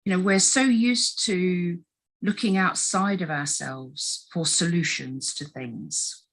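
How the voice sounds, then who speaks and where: A middle-aged woman, talking casually as a health coach in an interview, animated and putting on little voices as she quotes. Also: fairly low pitch, slow pace, poor audio.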